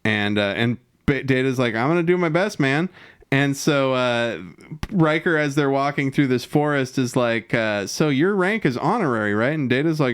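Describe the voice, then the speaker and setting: A man co-hosting a podcast, casually recapping an episode, swearing freely and acting out the characters' lines in quick put-on voices. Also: medium pitch, clear, resonant tone. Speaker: podcast co-host.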